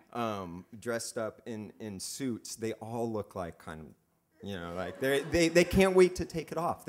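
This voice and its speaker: A man with a fairly low voice tells a story live from a club stage. He is chatty and self-mocking, often stumbling and restarting his sentences as he goes.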